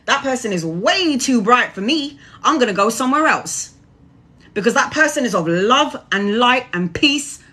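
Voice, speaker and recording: A woman voicing a sassy, dismissive negative spirit entity in a brash, slangy way, pitched well above her own voice. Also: expressive, normal speed, pushed and bright.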